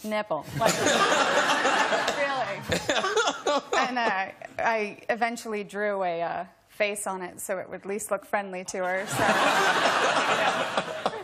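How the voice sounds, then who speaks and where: Woman, actor guest, laughing storyteller, mid pitch, loud noise behind. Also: slow. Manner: giggly, animated storyteller. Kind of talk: talk show anecdote.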